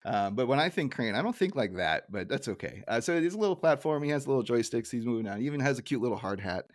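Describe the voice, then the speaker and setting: Guy rambling through an episode recap, lots of ums, jumps into goofy high voices, dry close mic. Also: expressive, fast talker, dry recording. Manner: rambling, many fillers, breaks into silly high character voices when quoting. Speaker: podcast co-host. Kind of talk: casual recap chat about a cartoon episode.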